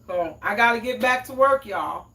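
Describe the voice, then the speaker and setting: A woman's voice: on the high side, expressive, normal speed, gravelly, sharp tone. A woman hosting a cooking livestream in a home kitchen, chatting casually and answering viewers' comments. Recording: echoey room, mic at a distance.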